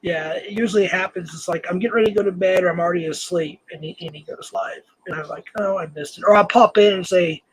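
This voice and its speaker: Male livestream host, high and husky, relaxed and chuckly. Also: fast, few pauses, rough recording. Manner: laid-back, chuckling, greets chat viewers. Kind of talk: casual live-stream chat.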